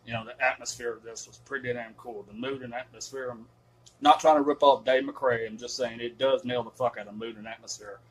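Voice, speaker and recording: A man's voice: mid-range voice, low-quality recording. Profane, emphatic male film reviewer. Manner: profane, emphatic, rambling with fillers. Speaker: movie reviewer. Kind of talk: casual spoken film review.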